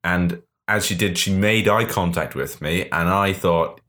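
A man's voice: low-pitched, unhurried, pushed and bright. A man co-hosting a podcast, trading self-mocking, mock-pompous jokes between giggles. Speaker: podcast co-host. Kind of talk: casual comedic banter.

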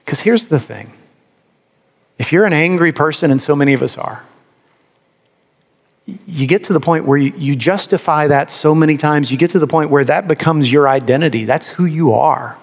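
A male pastor preaching with lively, rhetorical delivery, often putting on mock voices to make a point. His voice sits a little higher than most men's. The sermon carries a long reverb from a large hall. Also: normal speed.

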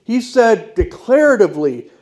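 A male pastor delivering a sermon in a fairly high voice. He speaks in firm, declarative statements and puts rhetorical questions to his congregation. His delivery is emphatic and insistent. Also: very animated, normal speed, a little mellow.

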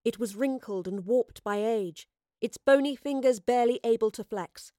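A woman narrating an adventure story in a measured, expressive storytelling voice. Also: fairly high pitch, no room sound, clean studio sound. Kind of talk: audiobook narration.

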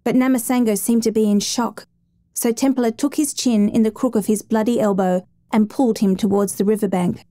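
A woman reading a dramatic true story as a steady, measured narrator. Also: fairly high pitch, no echo.

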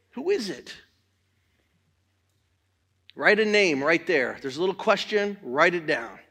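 A middle-aged man preaching a sermon in church, swinging between loud exhortation and quiet talk. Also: sits high, lively intonation, normal speed. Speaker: pastor.

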